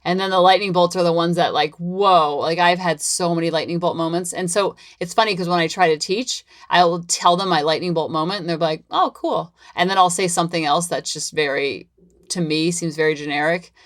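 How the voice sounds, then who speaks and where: A woman's voice: on the low side, fairly even intonation, a little fast. A woman hosting her own parenting podcast, talking casually in a chatty, rambling, upbeat way and repeating herself often. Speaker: parenting coach and podcast host. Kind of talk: casual solo podcast talk.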